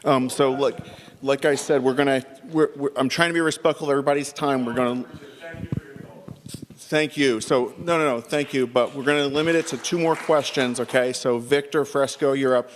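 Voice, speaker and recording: A man's voice: mid-range voice, steady tone, moderate pace, long reverb tail. A man chairing a club meeting, politely keeping things moving and moderating questions.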